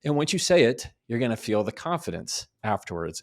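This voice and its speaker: A man's voice: medium pitch, very animated, brisk, darkish tone. A man on a podcast as a communication expert, talking emphatically and acting out example phrases. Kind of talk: podcast interview, advice.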